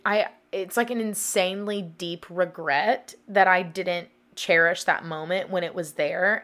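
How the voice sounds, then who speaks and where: A woman's voice: medium pitch, a bit bright. A young woman, hosting a podcast in a casual, rambling, confessional way with many fillers. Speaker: podcast host.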